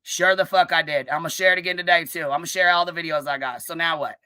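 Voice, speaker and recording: A woman hosting a live stream, ranting and calling people out in a combative, profanity-heavy way, with a notably low, bass-heavy voice. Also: fairly even intonation, fast, pushed and bright, smooth. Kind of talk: live-stream commentary rant.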